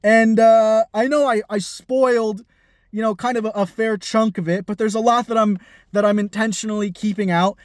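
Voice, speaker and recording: Guy doing a sweary film review vlog, high voice, keeps restarting, dry close sound. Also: steady tone, normal speed, no echo. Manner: emphatic, profane, many restarts.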